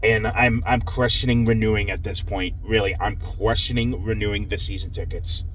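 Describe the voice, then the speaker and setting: A hockey fan vlogger vents in an angry post-game rant after a loss, swearing and sounding frustrated and dejected. His lowish, slightly bright voice stays fairly even at a normal speed, and the rough recording carries a little hiss or hum.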